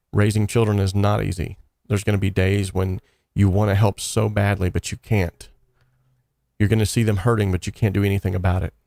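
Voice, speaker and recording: A man with a low, gravelly voice hosts a relaxed livestream. He talks earnestly and encouragingly, wandering through his thoughts with plenty of "uh"s, and the sound is close and dry. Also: no room sound. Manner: earnest, encouraging, loosely rambling with fillers. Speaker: livestream host of a song contest. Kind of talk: casual livestream chat.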